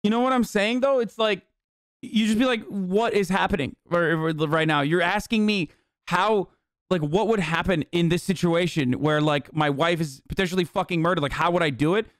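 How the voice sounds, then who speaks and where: A man's voice: high voice, moderate pace, dry recording, studio quality. A young man reacting on a stream in casual, profane commentary, ranting and acting out outbursts. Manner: profane, excitable, rants and acts out outbursts.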